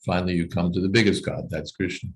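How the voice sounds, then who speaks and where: Low-voiced male teacher explaining scripture on a video call, unhurried and thoughtful. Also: fairly even intonation, gravelly, poor audio. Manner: thoughtful, explains slowly with "you know" asides. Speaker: teacher leading a scripture reading class. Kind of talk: explanatory class discussion.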